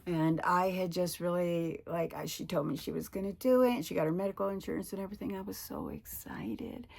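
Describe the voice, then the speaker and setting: A woman's voice: fairly low pitch, quick pace, vocal fry, a little mellow. A woman in her sixties talking in a casual personal vlog, chatty and emotional, retelling her conversations. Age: 60s. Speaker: vlogger.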